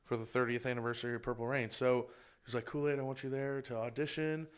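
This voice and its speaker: A man with a Texan accent, a comedian telling an animated story on a podcast and acting out other people's lines. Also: quick pace, smooth. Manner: animated, acts out other people's lines with big pitch jumps. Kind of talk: casual storytelling chat.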